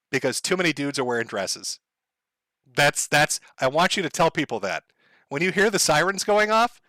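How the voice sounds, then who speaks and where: A man's voice: on the high side, bright, forceful tone, no room sound. A man ranting on a livestream, rambling, sarcastic and profane, often laughing at his own jokes. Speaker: streamer. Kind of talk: casual livestream rant.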